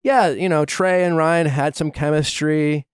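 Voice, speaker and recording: A man's voice: on the high side, fairly even intonation, unhurried, clear, resonant tone, no room sound, clean studio sound. A man hosting a podcast, chatting casually and rambling with lots of fillers and restarts. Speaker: podcast host. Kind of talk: casual chat.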